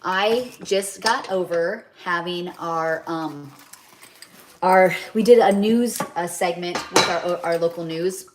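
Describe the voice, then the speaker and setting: A middle-aged woman hosting a casual cooking livestream from her home kitchen, chatting in a rambling way with many restarts while doing the dishes. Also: fairly low pitch. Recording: kitchen noise of dishes and water. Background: running water and clattering dishes.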